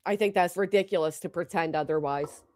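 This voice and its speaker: A woman's voice: fairly low pitch, fairly quick, a little mellow, no echo, studio quality. A middle-aged woman hosting a livestream, blunt and profane, reading out viewer names between heated remarks. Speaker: livestream host.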